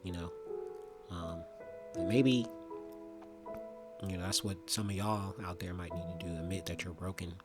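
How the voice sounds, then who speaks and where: A young man speaking earnestly and reflectively about his own experience, with frequent pauses and restarts. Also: sits low, steady tone, loud music behind the voice. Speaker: vlogger. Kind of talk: personal testimony monologue.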